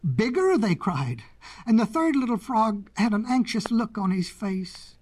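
A storyteller reading a fable aloud to children in a dramatic, expressive way with playful asides. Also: mid-range voice, a little slow, slight background noise.

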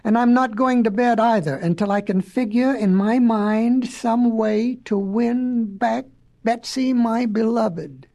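A woman voicing an excitable, absent-minded male professor inventor in a storybook reading, stammering and exclaiming. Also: a little high, slow pace. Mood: wistful.

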